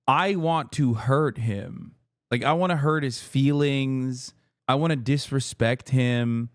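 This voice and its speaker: A man in his thirties reacting to a clip on a live stream, talking fast and swearing freely. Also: mid-range voice, smooth, no echo, clean studio sound. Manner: animated, profane, bursts of loud laughter. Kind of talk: casual live-stream commentary.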